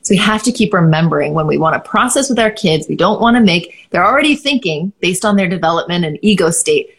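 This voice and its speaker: A woman's voice: fairly low pitch, lively intonation, fast talker, husky. A woman co-hosting a parenting podcast, explaining ideas in a thoughtful, casual advice chat.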